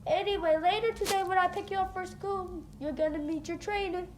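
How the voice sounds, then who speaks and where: A woman voicing a caring, gentle mother who sounds sweet and reassuring, recorded in a roomy space. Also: very high voice, fairly even intonation, brisk. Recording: roomy echo, faint noise.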